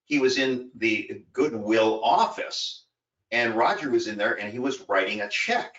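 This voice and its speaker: A man's voice: mid-range voice, measured pace, fairly bright tone. A man co-hosting a casual talk, telling stories earnestly and rambling a bit with fillers. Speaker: co-host. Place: home in Florida. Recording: echoey distant lo-fi recording.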